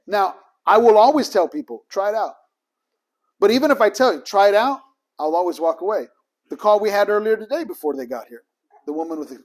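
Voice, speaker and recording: High-voiced man telling stories. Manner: storytelling, acts out both sides of conversations, emphatic. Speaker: ministry trainer. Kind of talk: casual teaching talk.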